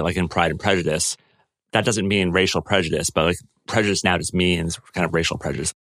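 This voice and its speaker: A man with a very low voice talks through ideas in relaxed podcast chat, thoughtful and unhurried in his phrasing. The sound is close and dry, with no room around him. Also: no room sound. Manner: thoughtful, with fillers and restarts. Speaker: podcast co-host. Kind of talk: casual chat.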